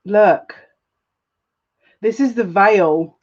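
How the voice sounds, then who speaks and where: A woman giving a live-streamed tarot reading, chatting with viewers, emotional and gushing, with excitable quick restarts. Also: mid-range voice, muffled recording. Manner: emotional and gushing, easily moved. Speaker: psychic tarot reader.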